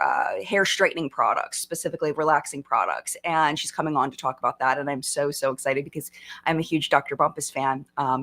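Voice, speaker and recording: A woman with a slightly low voice chats casually to her live-stream audience. She sounds excitable and talkative, with plenty of fillers and laughter between her thoughts.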